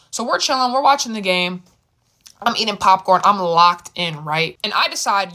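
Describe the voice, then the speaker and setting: Woman storyteller, bright voice, animated, casual vlog telling, repeats words. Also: medium pitch, normal speed.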